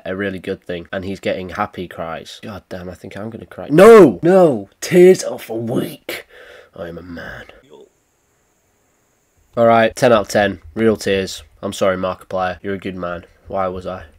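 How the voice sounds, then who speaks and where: A man's voice: fairly low pitch, steady tone, moderate pace, few pauses. A man hosting a reaction video, mocking and sweary, rating clips with sarcastic, self-deprecating commentary.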